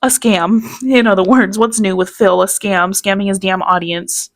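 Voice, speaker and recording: A woman's voice: medium pitch, steady tone, normal speed, no room sound. A woman talking through her take in casual commentary, blunt and sarcastic. Her voice sits in the middle of the female range. The recording is dry and close, with no room sound. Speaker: commentary YouTuber.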